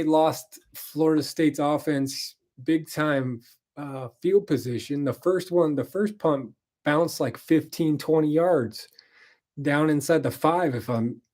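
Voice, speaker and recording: A man's voice: a little high, slow, a little mellow. Brief: weary male host, loose rambling recap, blunt and profane, filler-heavy. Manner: rambling, frank, swears, frequent ums. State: tired, yawning. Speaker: podcast host. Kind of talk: casual sports recap monologue.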